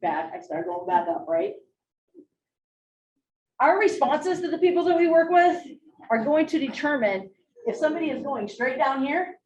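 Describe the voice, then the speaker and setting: A woman giving a training talk, telling a story in an animated way and speaking straight to the audience. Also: fairly high pitch, lo-fi sound, a little hiss or hum. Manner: animated, laughing, addresses the audience directly. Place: large room with an audience. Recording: echoey room, voice from a distance.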